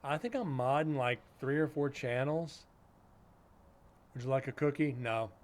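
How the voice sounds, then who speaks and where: A male streamer talking casually to his chat, blunt and sarcastic, cursing often. His voice sits at an ordinary middle pitch for a man. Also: unhurried. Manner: blunt, sarcastic, swears freely.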